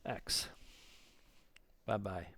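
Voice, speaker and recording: Excitable man teaching a software tutorial. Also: very slow. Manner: excitable, thinks aloud, counts clicks under his breath. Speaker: 3D modelling instructor. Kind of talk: screen-recorded software tutorial.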